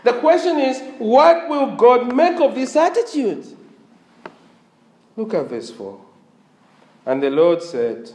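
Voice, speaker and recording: A man's voice: sits high, unhurried, long pauses, darkish tone, echoey room. A man preaching a sermon, with a slightly strained voice, asking the congregation questions as he goes. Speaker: pastor.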